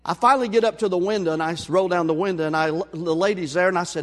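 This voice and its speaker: A man preaching a sermon, telling a story with lively acted-out voices. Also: on the high side, fast talker. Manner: animated storyteller, acts out voices. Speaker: pastor. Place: church sanctuary. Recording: long hall reverb.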